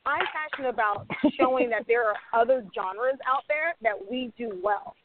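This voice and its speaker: A woman's voice: fairly high pitch, normal speed. Emphatic woman on a tinny line. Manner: emphatic, acts out quoted dialogue. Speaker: screenwriter on a panel. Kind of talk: animated panel discussion. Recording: tinny phone-like audio.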